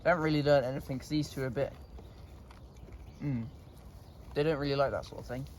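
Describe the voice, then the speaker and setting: A man's voice: mid-range voice, fairly even intonation, fast talker, a little mellow, a little hiss or hum. A man chatting casually to camera outdoors in a goat pen, laughing often and scolding his animals. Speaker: vlogger. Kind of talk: casual vlog talk.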